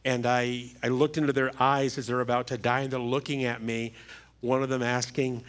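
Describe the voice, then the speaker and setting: A middle-aged man, a pastor, giving a funeral sermon in a church with a measured, halting delivery and repeated words. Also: mid-range voice, flat delivery, fairly bright tone. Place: church sanctuary. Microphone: livestream church microphone.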